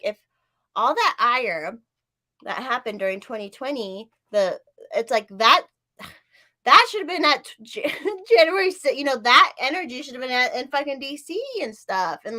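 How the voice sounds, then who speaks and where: A woman's voice: a little high, lively intonation, moderate pace, bright, forceful tone. A woman podcast host in casual chat, talking in a profane, emphatic, rambling way with many fillers.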